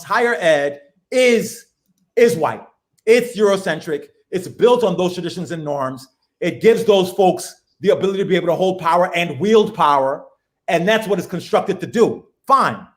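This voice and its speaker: A man, a professor talking as a guest in a casual, animated, slangy way, laughing as he goes. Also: high-pitched. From the Bronx, New York. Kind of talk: casual conversation.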